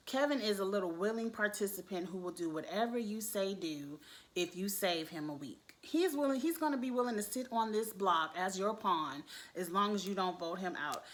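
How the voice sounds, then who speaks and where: Woman, casual commentary, blunt, animated, swears. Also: mid-range voice. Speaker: youtube reality show reviewer.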